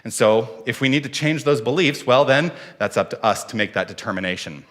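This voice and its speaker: A man's voice: mid-range voice, brisk. A man welcoming his congregation as their minister, earnest and out of breath. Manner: warm, earnest, relaxed preaching. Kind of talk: Sunday service welcome. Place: church sanctuary. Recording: long reverb in a hall.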